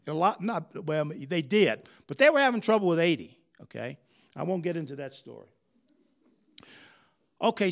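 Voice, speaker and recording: An older man tells history in a loose, wandering way and keeps asking his listeners if they follow. His voice sits high for a man. He swoops up and down in pitch as he talks. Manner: animated, conversational, asks the audience questions. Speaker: history speaker. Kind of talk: digressive storytelling history talk.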